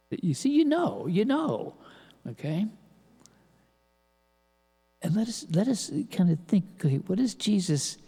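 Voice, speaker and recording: Slow gravelly older priest in echoing church. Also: male voice, a little high, dark tone. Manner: halting, many restarts and fillers, rhetorical questions. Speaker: pastor. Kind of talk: sermon. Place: large church. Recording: long church reverb.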